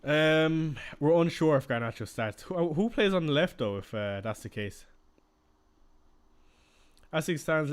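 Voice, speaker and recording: A man's voice: fairly high pitch, lively intonation, a little slow, long pauses, clear, resonant tone. Chatty young man streaming casually. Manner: chatty, reacting to viewer questions. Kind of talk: casual live-stream chat.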